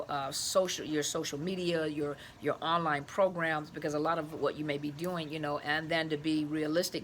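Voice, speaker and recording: A woman's voice: low voice, fairly bright tone, slight background noise. A middle-aged woman, a therapist and life coach, explaining her work in an earnest, searching way as an interview guest. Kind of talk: casual interview talk.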